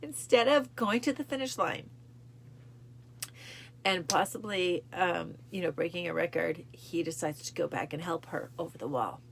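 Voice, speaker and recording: A woman with a low, gravelly voice hosts a cancer support talk, speaking casually and from the heart. She repeats phrases and sometimes acts out film dialogue in a higher voice. Faint noise hums under the recording. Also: moderate pace, a bit bright. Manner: emotional, repeats phrases, acts out film lines with rising pitch. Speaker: host of a cancer support show.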